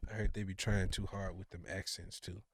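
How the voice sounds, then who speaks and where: Slow-talking, low-voiced Mississippi man. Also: flat delivery, dry recording, studio quality. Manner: slow-spoken, stutters at times. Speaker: podcast guest. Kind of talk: casual podcast chat.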